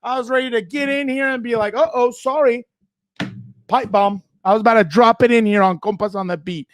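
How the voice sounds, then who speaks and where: Very high-pitched, fired-up man. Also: slight background noise. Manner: worked up, loud and fast bursts. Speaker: podcast co-host. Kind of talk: fired-up sports rant.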